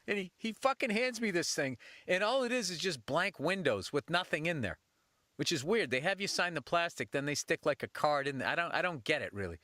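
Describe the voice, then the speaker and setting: A man's voice: fairly high pitch, fairly quick, no echo, clean studio sound. A man telling a casual anecdote full of swearing, acting out the other people's voices as he goes. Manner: animated, swears constantly, acts out voices.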